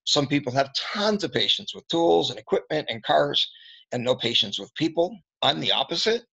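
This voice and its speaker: A male trainer talks auto service advising through candid, anecdotal stories, pausing often to clear his throat. His voice is gravelly and a little husky. The recording sounds dull and lo-fi. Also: on the high side, very animated, sharp tone. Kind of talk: storytelling training talk.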